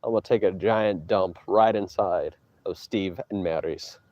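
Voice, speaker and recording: Brash low-voiced man streaming outdoors. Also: measured pace, lo-fi sound. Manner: boastful, mocking, loud teasing outbursts. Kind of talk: casual trash talk to chat while hiking. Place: outdoors on a hike.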